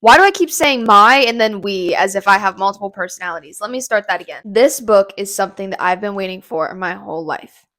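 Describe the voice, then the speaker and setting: A young woman vlogging from her home kitchen, gushing about a book in a rambling, excited casual chat. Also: medium pitch, brisk.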